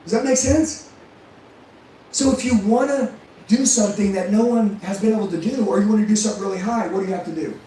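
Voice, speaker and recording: Brief: high-voiced male motivational speaker, intense and profane, heavy room echo. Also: a little fast, mellow, slight background noise. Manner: intense, profane, fires rhetorical questions at the crowd. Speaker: motivational speaker and sales trainer. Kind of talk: motivational speech to a live audience. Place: room with a live audience. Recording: very echoey room, mic far off.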